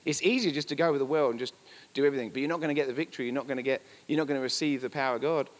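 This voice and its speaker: A man's voice: medium pitch, rapid-fire. A male pastor preaching a sermon in church, emphatic and repetitive, with chatty asides. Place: church hall. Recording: reverberant church hall.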